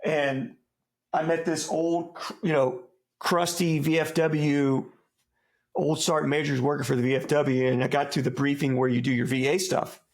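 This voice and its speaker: This man speaks at a moderate pace with a fairly high pitch and a flat delivery. A US Army veteran guesting on a laid-back interview, he cusses freely and leans on buddy slang, his speech full of rambling restarts and side comments.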